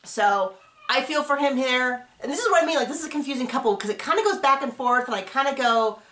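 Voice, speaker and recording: A woman's voice: sits high, quick pace, a bit bright, echoey room. A woman hosting a casual reality TV recap, chatting and rambling as she acts out what people said.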